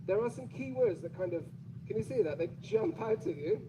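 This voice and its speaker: A man's voice: sits high, lively intonation, a little fast, background noise. A man with a British accent giving a playful, chatty talk to an audience, often asking them questions. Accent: British English. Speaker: conference speaker.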